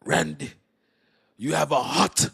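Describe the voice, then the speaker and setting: A man doing a preachy old Jamaican reverend who sells cars, with a raised, booming delivery. He hands out his sayings like sermons, in a Jamaican accent. The voice sits higher than the man's own, and the sound is dry. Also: steady tone, slow, gravelly, fairly bright tone, husky, no echo, exaggerated voice. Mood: proclaiming.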